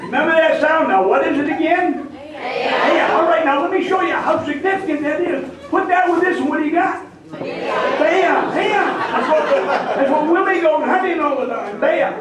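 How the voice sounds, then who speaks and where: A humorist with a broad Maine accent works the room, drawing out his words slowly and coaxing the audience to repeat after him. His voice sits unusually high. The sound carries from a distance through a very echoey hall, with the crowd audible throughout. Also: background noise. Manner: broad drawled joking, teasing the crowd with call-and-response. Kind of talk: stand-up comedy lesson to an audience.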